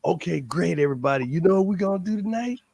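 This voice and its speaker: A man's voice: high voice, lively intonation, fast, gravelly, a little mellow, husky, pitched above the performer's own voice, full character voice. A man voicing an earnest teenage boy who preaches to his friends, in an insistent, pleading way.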